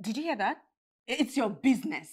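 A blunt, scolding best friend. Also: female voice, fairly high pitch, sing-song, moderate pace, darkish tone, slightly rough. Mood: exasperated. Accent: Nigerian. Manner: scolding, lecturing, tough love.

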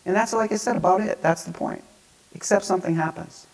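Animated man telling a story in a lecture. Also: high-pitched, brisk, creaky, low-quality recording. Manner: animated, self-mocking storytelling with sudden shifts between hushed and loud. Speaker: speaker at a divinity school lecture. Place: lecture hall.

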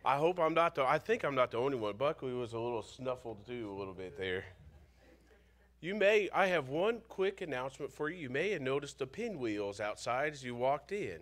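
A man's voice: medium pitch, big pitch swings, brisk, fairly bright tone. Congested man giving church announcements. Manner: casual, informal. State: congested from pollen. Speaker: pastor. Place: church sanctuary.

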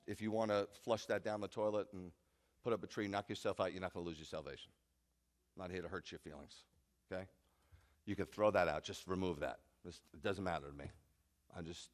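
A man, a rabbi, preaching a sermon in an emphatic, joking way, recorded in a sanctuary with long reverb. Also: low-pitched. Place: congregation sanctuary.

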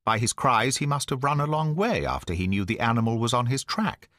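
A brisk, commanding male detective, read by a man in an audiobook, pressing his deductions in a crisp, urgent way. The intonation rises and falls with lively range. The recording is dry and close. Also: mid-range voice, dry recording, natural voice. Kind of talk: audiobook dialogue reading.

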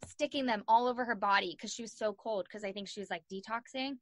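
A young woman telling a story as a podcast guest, animated, acting out the voices of the people in it and saying "like" a lot. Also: medium pitch, quick pace. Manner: animated, acts out voices in her stories, says "like" a lot. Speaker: guest, sports journalist and podcaster. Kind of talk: casual storytelling in an interview.

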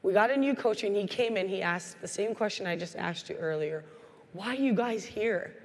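Energetic woman speaking in a reverberant hall. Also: medium pitch, normal speed. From Canada. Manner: energetic storytelling, acting out quoted voices. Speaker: keynote speaker. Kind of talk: motivational keynote speech. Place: large hall.

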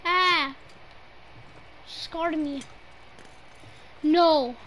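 A woman streaming her gameplay, giving excitable live commentary and teasing her teammates in mock outrage. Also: sits high, drawn-out words, slight background noise, low-quality recording. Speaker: gamer streaming her play.

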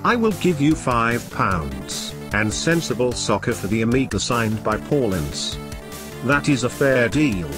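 A man's voice: medium pitch, very animated, measured pace, music in the background. A man in a scripted comedy sketch, ranting and boasting with constant swearing. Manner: foul-mouthed, ranting, boastful. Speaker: comedic host playing an angry game collector.

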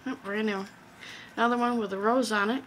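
A woman casually showing off a haul of craft supplies, chatty and excitable, thinking aloud as she unpacks. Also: medium pitch, a little fast, slight background noise. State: out of breath. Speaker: crafting vlogger. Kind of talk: casual thrift haul show-and-tell.

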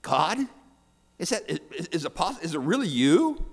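A frantic, stammering atheist man put on by an older priest, his voice pushed up high and loud with panic, pleading in rushed bursts. The sound rings with a long church reverb. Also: very animated, full character voice. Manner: stammering, pleading, later snarky.

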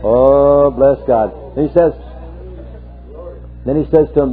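Male preacher, fervent and husky, heard through a thin, phone-like old recording. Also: medium pitch, steady tone, very slow, long pauses. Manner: fervent, punctuated with hallelujahs. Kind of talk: sermon. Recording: tinny lo-fi archive sermon tape.

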